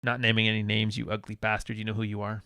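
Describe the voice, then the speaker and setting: A man's voice: on the low side, monotone, fast talker, bright, forceful tone, clean tone, no room sound. A man hosting a live podcast, reading chat messages and talking in a blunt, profane, wisecracking way. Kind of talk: casual livestream monologue.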